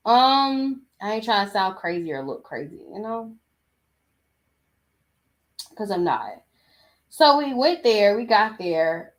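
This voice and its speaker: A woman's voice: medium pitch, very animated, takes it slowly, pauses often. A young woman hosting her own show, telling a personal story in a loose, slangy, chatty way. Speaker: host. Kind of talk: casual chat.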